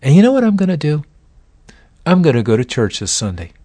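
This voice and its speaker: A man's voice: a little high, wildly swooping pitch, brisk, dark tone, slightly rough, no room sound, voice pushed up, exaggerated voice. A man acting out an overzealous churchgoing man who fervently declares he will be cured instantly. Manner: fervent, breathless, preachy.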